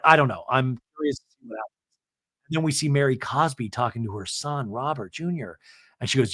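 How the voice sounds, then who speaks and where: Animated man recapping reality TV. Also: on the high side, no echo, studio quality. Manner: animated, mimics cast members' lines with raised voice; swears casually. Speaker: podcast host. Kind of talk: solo recap podcast.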